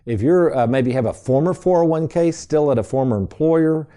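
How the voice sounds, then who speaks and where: A man's voice: on the high side, normal speed, dark tone. A middle-aged man hosting a radio show, telling a casual story in a folksy way and addressing listeners as folks. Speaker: radio show host and financial advisor.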